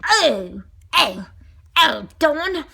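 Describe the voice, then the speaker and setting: A woman's voice: sits high, sing-song, vocal fry, pushed and bright, heavily acted. A woman voicing a vain, greedy older woman villain who croons and drags out her words. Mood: gushing. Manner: crooning, drawn-out, gushing.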